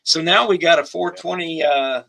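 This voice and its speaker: A man's voice: fairly high pitch, moderate pace, vocal fry, fairly bright tone, a little hiss or hum. A man co-hosting a casual live stream, joking and reading viewer comments aloud. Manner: joking, reads chat aloud. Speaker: co-host.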